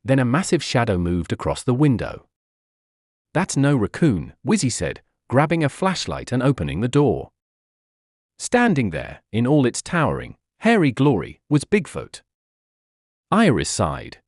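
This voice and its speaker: A man narrating a comic adventure story in a lively storytelling manner. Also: mid-range voice, normal speed, dry recording, studio quality.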